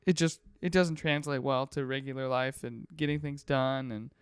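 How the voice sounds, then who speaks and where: A man's voice: medium pitch, normal speed, clear, resonant tone, no echo, studio quality. A young man in his twenties hosting a podcast, telling a story with energy and acting out the people and noises in it. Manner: lively, acts out people and sound effects in his stories. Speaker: podcast host. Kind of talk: casual chat, animated storytelling.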